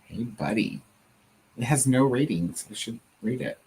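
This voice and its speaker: This is a playful, giggly streamer with a Southern US drawl who laughs easily. The voice is soft and a little breathy, and the pitch swoops up and down a lot. The delivery is slow and unhurried. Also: lively intonation. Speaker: co-host of a live reading stream. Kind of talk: casual live-stream chat, reading out viewer comments.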